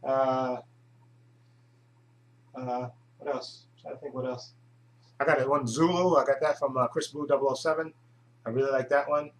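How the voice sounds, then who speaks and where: Guy rambling to his camera, lots of uh and um, mid pitch, casual vlog chat. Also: fairly even intonation, normal speed, long pauses, a little hiss or hum, rough recording. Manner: rambling, full of hesitations and restarts. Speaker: YouTube channel host.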